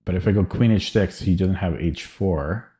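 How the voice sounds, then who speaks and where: This is live-stream chess commentary from a man with a low-pitched, dark voice at a moderate pace. He reasons out loud tentatively, frequently stammering and repeating himself.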